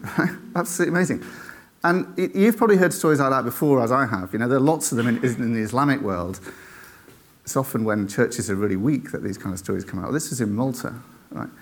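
A man tells a faith story to an audience, animated and acting out the voices of the people in it. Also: medium pitch, fast talker. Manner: animated, acts out quoted voices, checks in with "right?".

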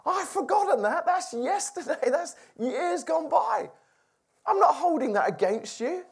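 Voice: high-pitched, big pitch swings, a little slow, gravelly, voice pushed up, exaggerated voice. A preacher acts out an incredulous, fond man who scolds his brothers with a raised, lifted voice. He sounds teasingly exasperated and forgiving rather than angry.

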